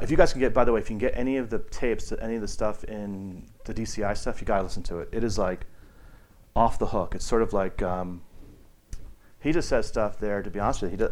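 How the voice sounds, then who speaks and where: A man giving a casual meditation teaching to a group, talking in a rambling way with many restarts and fillers, and acting out the people he quotes. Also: fairly low pitch.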